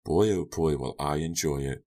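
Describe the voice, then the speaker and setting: A man voices a deranged young woman in a spoken horror story. Her voice stays very deep and quiet, almost dreamy. The menace sits in how softly she says things. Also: moderate pace. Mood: quietly menacing. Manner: soft, quiet, eerily calm menace. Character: unhinged young woman, calm then vicious.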